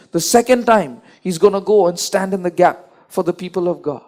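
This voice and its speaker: Emphatic high-voiced male preacher. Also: animated, normal speed, few pauses, a little mellow. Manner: emphatic, repetitive, with frequent restarts. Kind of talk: sermon.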